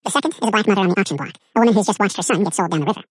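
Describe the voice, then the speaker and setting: A woman reading a scripted book summary in an even, measured narration. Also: mid-range voice, breathy edge, no room sound.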